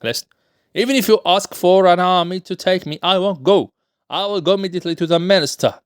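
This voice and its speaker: A man's voice: sits high, fairly quick, smooth, no room sound, studio quality, voice pushed up, close to an everyday voice. A man voicing a boastful young male petty official, an arrogant swindler, as he reads a play aloud. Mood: indignant. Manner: indignant, pleading for money, brash.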